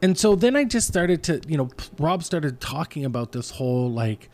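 A man's voice: fairly high pitch, sing-song, normal speed, a little mellow. A man in his thirties, a pastor, talking earnestly in a casual chat, rambling with many restarts.

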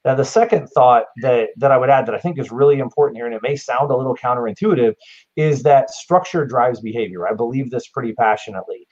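A man's voice: medium pitch, quick pace, darkish tone, lo-fi sound. A man talking earnestly and reflectively in a casual podcast conversation, laying out his thoughts point by point. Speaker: guest.

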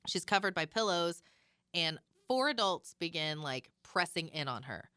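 Woman co-host, casual chatty storyteller; bright, sharp tone, dry close-miked sound. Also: on the low side, lively intonation, moderate pace, no room sound. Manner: recounting a transcript with frequent "like" and "um". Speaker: podcast co-host. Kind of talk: casual true crime chat.

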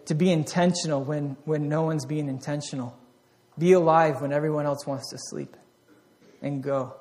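A man preaches an earnest sermon in a large hall, swinging between loud exhortation and hushed reflection and often repeating or restarting phrases. His pitch is fairly high, his tone steady, his speed normal.

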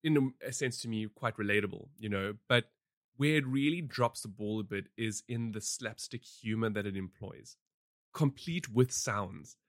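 A man's voice: lowish voice, normal speed, no room sound, clean studio sound. A man hosting a podcast, chatting casually about films in a rambling way with many fillers and frequent laughs. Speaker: podcast host reviewing films. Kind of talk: casual chat.

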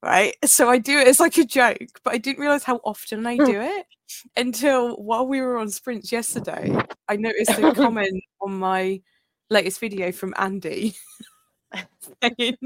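A woman's voice: fairly high pitch, moderate pace. A woman from the UK co-hosting a casual chat podcast, bubbly and sweary, laughing through her stories. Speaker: podcast co-host.

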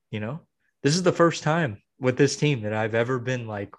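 A man's voice: medium pitch, a little fast. A young man co-hosting a podcast, venting in a rambling, exasperated way with many restarts. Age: young adult. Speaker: podcast co-host. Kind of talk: casual chat.

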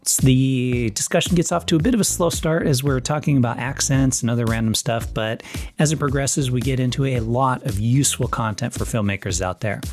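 A man hosts a casual interview podcast and asks questions in an animated, chatty way. His voice sits at a middle pitch. He often jumps into follow-up questions with his guest. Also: a little fast, faint music behind. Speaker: podcast host and actor.

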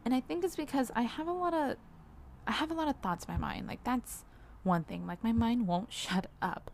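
A young woman talking candidly in a personal vlog, rambling a little, with frequent "like"s and soft laughs. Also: a little high, moderate pace, vocal fry, slight background noise. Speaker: vlogger.

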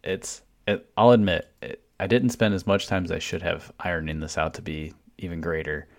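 Male co-host with a very deep voice, easygoing and laugh-prone, casual banter. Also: fairly even intonation, normal speed, vocal fry. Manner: laughing, teasing storyteller. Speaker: podcast co-host. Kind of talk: casual chat.

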